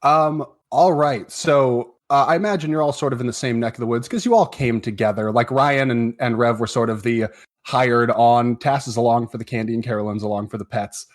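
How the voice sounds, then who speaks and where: A man narrating as game master in a tabletop game, at a middling pitch. He talks in a relaxed, meandering way, full of fillers and hedges. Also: brisk.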